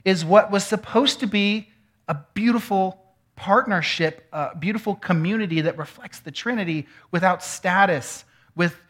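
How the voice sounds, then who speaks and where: A man's voice: high-pitched, normal speed, a bit bright. Man preaching in a teaching tone. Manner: teaching, asks the room questions. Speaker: pastor. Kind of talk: sermon.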